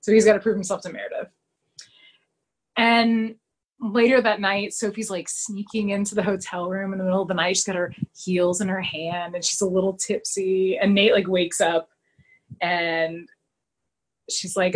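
A woman in casual podcast chat, retelling scenes with lots of fillers and quick quoted voices. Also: mid-range voice, steady tone, husky, rough recording. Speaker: podcast co-host recapping a TV episode.

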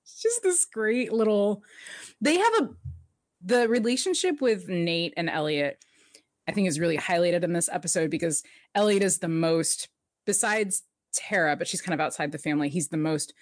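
A woman co-hosting a laid-back recap chat, her voice sitting slightly low. She laughs often and slips into lively quoted character lines as she retells the plot. The sound is dry and close, with no room around it. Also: moderate pace, no echo. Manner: chatty, laughs often, animated quoting of characters. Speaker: podcast co-host recapping a TV episode. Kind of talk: casual chat.

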